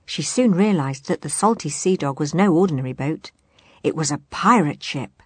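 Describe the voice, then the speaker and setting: A woman narrating a children's storybook aloud in an expressive, animated way. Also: low voice, normal speed, slightly rough, dry recording.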